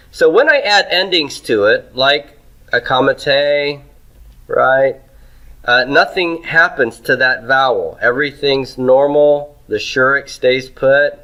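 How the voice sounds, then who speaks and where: A man lectures a classroom on grammar in an unhurried, deliberate way. His voice has a bright, forward edge. He questions the class, answers himself and keeps checking in with "okay?" as he writes on the board. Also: mid-range voice, rough recording. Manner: writes on a board while he talks; frequent "okay?" and "right?" checks. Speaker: Hebrew teacher.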